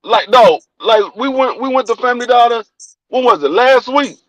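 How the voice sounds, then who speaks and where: A young man with a high, light voice and a D.C. accent, telling a long story on a podcast. He acts out the quoted lines of each person, with plenty of swearing. The recording is close and dry, with no room sound. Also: moderate pace, no echo, low-quality recording. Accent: Washington, D.C. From Washington, D.C. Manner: animated storyteller acting out quoted dialogue, profane. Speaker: podcast co-host. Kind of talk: casual chat, storytelling.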